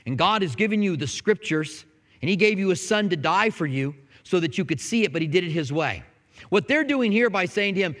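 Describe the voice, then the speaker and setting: A male pastor preaching an earnest sermon, swinging between loud emphatic lines and hushed, quiet ones. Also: sits high, lively intonation, a little fast, in a large hall.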